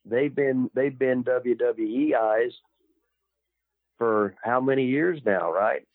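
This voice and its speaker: A blunt, profane older man, a podcast guest, talking gruffly and without any polish. He comes through a tinny, phone-like line that sounds dry and close, with no room around him. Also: mid-range voice, takes it slowly, no echo. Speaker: guest, former wrestler. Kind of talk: casual interview.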